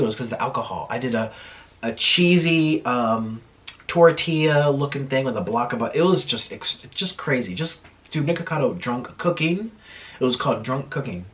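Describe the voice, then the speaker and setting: Animated young man chatting while eating. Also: mid-range voice. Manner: animated, chatty, gets heated and swears. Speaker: mukbang vlogger. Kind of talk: casual chat while eating.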